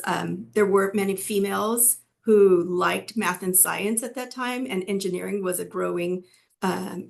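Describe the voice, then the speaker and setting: A woman's voice: medium pitch, vocal fry. A middle-aged woman from California telling her personal story to students in a conversational way, with frequent fillers and restarts. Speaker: physician assistant and educator.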